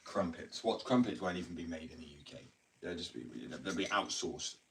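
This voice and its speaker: A young British man with a low, deep voice rambles through a casual chat, mocking himself and cursing offhand. He sits a bit away from the mic, with a faint hiss of background noise under his voice. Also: brisk, fairly bright tone, far from the mic. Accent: British English. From United Kingdom. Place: at home, indoors.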